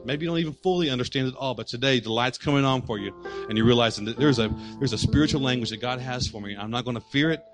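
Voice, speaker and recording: A man preaching a sermon as pastor, telling stories with humor and shifting between loud, excited passages and quieter explanation. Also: medium pitch, fast talker, over music. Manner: storytelling preacher, animated and humorous.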